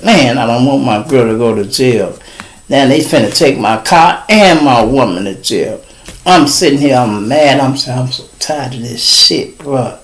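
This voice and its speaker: A middle-aged man with a Chicago accent, hosting a podcast and telling a casual street story, calling out to listeners. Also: mid-range voice. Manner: animated street storytelling, addresses listeners as y'all. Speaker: podcast host.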